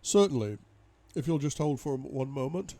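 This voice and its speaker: A man's voice: medium pitch, lively intonation, normal speed, dark tone, pitched above the performer's own voice. A man voicing a polite, formal bank manager speaking on the phone. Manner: courteous, formal phone manner.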